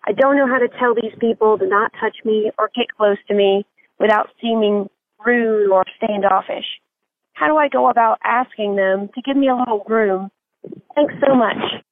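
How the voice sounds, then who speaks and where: A woman's voice: on the high side, moderate pace. A woman caller earnestly describing a problem and asking for advice, sounding uneasy. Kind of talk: reading a listener question. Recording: tinny phone line.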